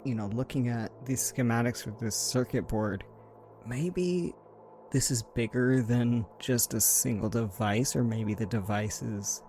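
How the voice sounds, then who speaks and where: A man's voice: medium pitch, unhurried, a little mellow, a little hiss or hum, close to an everyday voice. Man playing a stammering nervous psychiatrist. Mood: uneasy. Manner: hesitant, stammering. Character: inexperienced nervous male psychiatrist.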